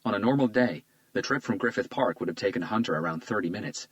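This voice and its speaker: A man giving measured, scripted audiobook narration on a close studio mic. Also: lowish voice, expressive, no room sound, dull audio.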